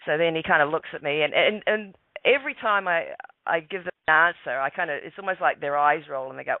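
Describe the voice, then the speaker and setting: A man calling in as a guest on a radio show and telling a story casually and calmly, with many stammering restarts. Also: fairly high pitch, fairly quick, creaky, dry recording. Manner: calm, relaxed, stammering restarts. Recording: tinny phone line, dry.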